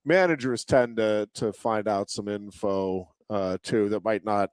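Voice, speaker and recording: A man co-hosting a casual chat show, talking in halting stretches with restarts and little chuckles. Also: lowish voice, a little mellow, smooth, no room sound. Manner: halting, many restarts and fillers, chuckles mid-sentence. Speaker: co-host.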